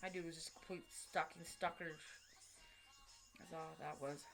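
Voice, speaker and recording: A woman's voice: low-pitched, fairly even intonation, normal speed, a bit bright, soft background music. A woman telling a personal story to camera, blunt and profane, in street slang with lots of fillers. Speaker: vlogger.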